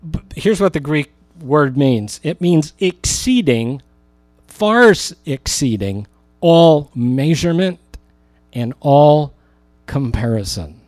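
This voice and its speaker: A man preaching a sermon as a pastor, rising for emphasis and slowing down on key words. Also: a little high, lively intonation, a little mellow, dry recording.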